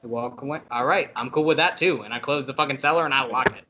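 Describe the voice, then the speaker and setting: A man's voice: mid-range voice, fast talker, muffled recording, background noise. A man playing a tabletop game, describing his character's actions with profane, detailed narration. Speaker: player.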